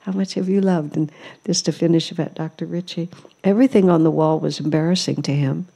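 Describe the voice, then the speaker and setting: A woman's voice: deep voice, steady tone, a little fast, creaky, slightly rough. A woman giving a spiritual talk in an ashram, telling stories in an amused, reflective way. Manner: warm storytelling, amused, reflective. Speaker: spiritual teacher. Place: ashram hall.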